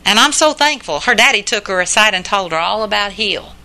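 A woman's voice: mid-range voice, expressive, a little fast, bright, forceful tone. An older woman preaching a sermon in an earnest, plain-spoken way, repeating her points for emphasis.

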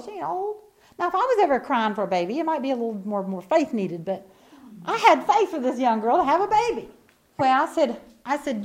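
A woman delivers a sermon in a fairly high, lively voice that climbs and dips all over. She tells her story folksy and plain, jumping from loud emphatic bursts to hushed asides. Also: moderate pace. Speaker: preacher.

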